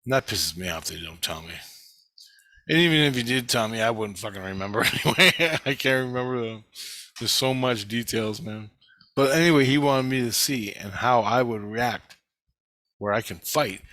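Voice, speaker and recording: A man's voice: medium pitch, lively intonation, normal speed, pushed and bright, dry recording. A man telling a long story about his dreams, rambling and swearing, acting out what people said. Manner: rambling, swears a lot, acts out quoted lines. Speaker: vlogger recounting dreams. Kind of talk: rambling monologue.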